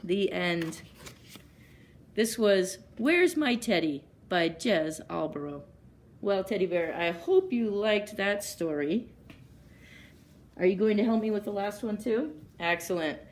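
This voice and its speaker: A woman librarian reads picture books aloud at story time, stopping gently to ask the children questions. She speaks slowly and carefully. Her voice is very lively, rising and falling a lot. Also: medium pitch.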